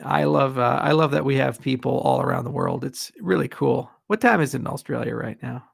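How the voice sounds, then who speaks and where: Founder answering live questions; gravelly, blunt, candid, dry close sound. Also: male voice, medium pitch, wildly swooping pitch, fairly quick, dry recording. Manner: candid, blunt, rambling asides. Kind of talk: livestream Q&A.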